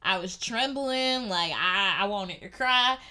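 A woman telling a personal story in casual podcast chat, animated and filling her talk with "like". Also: mid-range voice, slow, clear, resonant tone. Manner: animated, lots of "like". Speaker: podcast guest.

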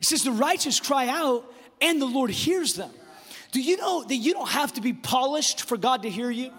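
High-voiced man preaching in a reverberant hall. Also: expressive, fairly bright tone, slightly rough. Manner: emphatic, repeats words, slows down to stress key phrases. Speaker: pastor. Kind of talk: sermon. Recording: long reverb of a large hall.

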